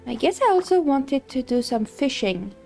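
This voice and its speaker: A woman's voice: sits high, sing-song, normal speed, creaky, dark tone, faint music behind. A woman streaming a game live, chatting casually and thinking aloud, rambling with many fillers and restarts. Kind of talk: casual live-stream chat while gaming.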